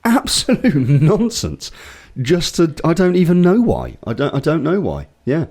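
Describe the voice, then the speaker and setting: A young man co-hosting a podcast, telling an animated, profane story in casual chat. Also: on the high side, measured pace. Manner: animated storytelling, swears often, acts out voices in anecdotes. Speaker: podcast co-host.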